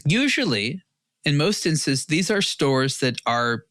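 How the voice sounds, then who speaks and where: A man's voice: a little high, very animated, a little slow, a bit bright, no room sound, studio quality. Rambling man in casual podcast chat. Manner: rambling, many fillers and restarts. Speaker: watch podcast co-host.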